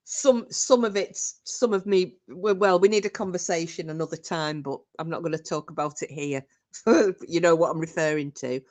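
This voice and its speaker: A woman's voice: fairly low pitch, moderate pace, darkish tone. A middle-aged woman hosting a casual livestream, chatting and reacting to comments from her chat with frequent laughter. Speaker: livestream host reading chat.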